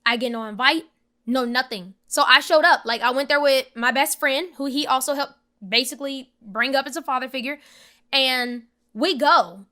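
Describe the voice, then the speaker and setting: Speaking at an ordinary pace in a high pitch, a young woman on a podcast recounts a moving personal experience. She's emphatic and lively, imitating the voices of everyone in the story.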